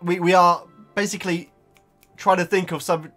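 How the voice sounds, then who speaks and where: A British man chatting casually about viewer comments, stumbling over his words and restarting often. His voice sits a little on the high side for a man. Soft music plays faintly behind him. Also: steady tone, moderate pace. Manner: hesitant, stumbling restarts and fillers. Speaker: YouTuber reading viewer comments. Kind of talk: casual chat.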